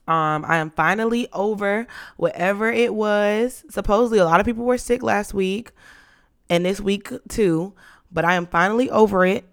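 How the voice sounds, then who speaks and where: A young woman hosting a podcast in casual chat, playful and dramatic, her voice lowered and rough from being sick. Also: normal speed. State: sick, voice deeper than usual. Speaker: podcast host.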